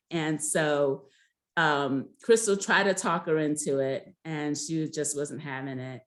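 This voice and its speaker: A woman's voice: low-pitched, slow pace. Chatty woman recapping a reality show. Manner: chatty, hesitant with many ums and restarts. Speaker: recap host. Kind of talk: casual recap chat.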